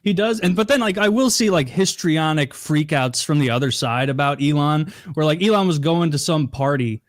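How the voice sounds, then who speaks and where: A man's voice: fairly high pitch, lively intonation, moderate pace, dry recording, clean studio sound. A man co-hosting a podcast, rambling and mocking as he chats casually. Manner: rambling, mocking, mimics others in quotes. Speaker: podcast co-host.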